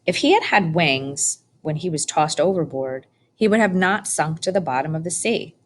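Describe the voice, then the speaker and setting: A woman narrating a children's storybook in a calm, measured reading. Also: deep voice. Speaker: audiobook reader.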